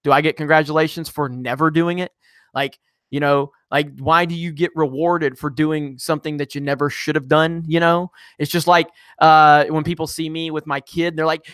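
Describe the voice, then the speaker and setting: A man's voice: on the high side, level tone, normal speed, a bit bright, clean tone, dry recording, clean studio sound. A man hosting a casual live stream, reading viewer comments and ranting bluntly with frequent swearing and restarts. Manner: blunt, profane, rambling with many restarts. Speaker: YouTube channel host.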